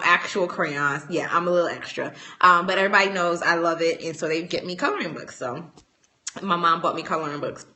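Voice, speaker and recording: A woman's voice: lowish voice, pushed and bright. A woman talking casually to viewers on a phone livestream, playful and teasing, laughing often and using y'all and ain't. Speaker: speaker and trainer hosting a livestream.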